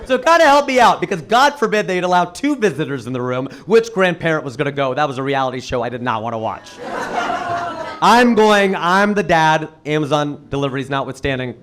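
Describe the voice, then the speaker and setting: Male stand-up comedian, slightly high voice, lively punchline delivery, faint background noise. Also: crowd noise. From United States. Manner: quick, animated punchlines with jumps in pitch. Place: comedy venue with a live audience. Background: audience laughter.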